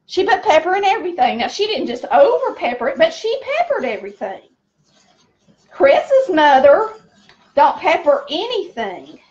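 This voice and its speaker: A woman's voice: extremely high pitch, very animated, normal speed, a little mellow, muffled recording. A middle-aged woman with a Southern American accent, chatting folksily as she cooks in her home kitchen. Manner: folksy, chatty, talks to viewers as y'all. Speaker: cooking show host. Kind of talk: casual cooking chat.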